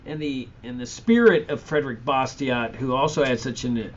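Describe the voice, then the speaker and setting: A man's voice: medium pitch, moderate pace. A man in his sixties hosting a conversational interview, reacting briefly and asking short questions. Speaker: host. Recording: muffled, slightly dull audio.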